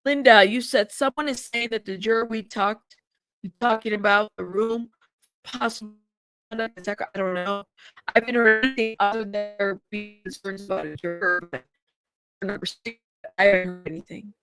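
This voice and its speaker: A woman's voice: medium pitch, steady tone, moderate pace, a bit bright, soft background music. A woman hosting a casual live stream, chatting, reacting to viewers and laughing. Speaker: host of live trial coverage stream.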